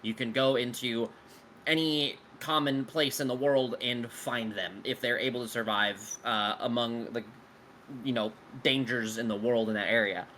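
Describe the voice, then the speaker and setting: A man's voice: mid-range voice, fairly even intonation, moderate pace, bright, forceful tone, slight background noise. A man running a tabletop game as game master, casually explaining his world to players with lots of fillers and some swearing. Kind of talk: answering player questions out of character.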